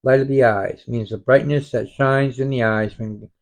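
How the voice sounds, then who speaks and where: A man leading an online Bible study, reading verses slowly and explaining them, often stumbling and restarting words. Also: medium pitch, steady tone. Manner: halting, frequent self-corrections and restarts. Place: home, online group study.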